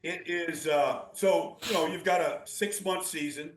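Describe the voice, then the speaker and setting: A male football analyst with a fairly high voice, talking in an animated, rambling way. He restarts his sentences again and again. He is recorded in a roomy, echoey space. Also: unhurried. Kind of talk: casual sports talk.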